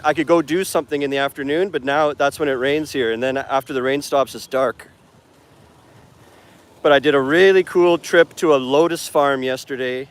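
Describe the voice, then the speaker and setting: A man chatting casually in a live stream while walking outdoors along a city street, talking into his phone in a rambling way with lots of fillers. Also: fairly high pitch. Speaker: English teacher and vlogger. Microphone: phone camera held while walking.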